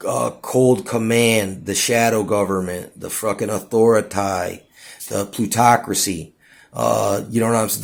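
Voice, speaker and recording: A man's voice: on the low side, gravelly. A man rambling through a casual monologue, stumbling over his words and saying "dude" and "you know what I'm saying" again and again. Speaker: vlogger.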